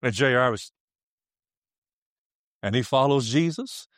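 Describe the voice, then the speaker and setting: A man's voice: medium pitch, lively intonation, slow pace, fairly bright tone, dry recording, studio quality. A male preacher teaching a sermon, emphatic, repeating key phrases and laughing often as he speaks.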